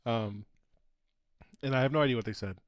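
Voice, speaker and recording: A man's voice: medium pitch, a little fast, no room sound. Rambling, laughing male podcast host. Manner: rambling storyteller, laughs often, trails off mid-sentence. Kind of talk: casual chat.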